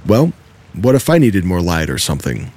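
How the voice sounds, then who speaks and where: Man doing a creepy night stranger, slow and flat, low husky voice, horror story. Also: exaggerated voice. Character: strange man in a car at night, oddly insistent.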